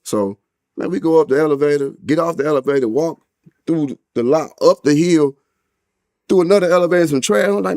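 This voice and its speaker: A fairly high-pitched, darkish male voice, a little fast, with a St. Louis accent belongs to a man from St. Louis, USA. As an interview guest he recounts a story loaded with slang and swearing, and whenever he repeats what someone said, his voice goes up.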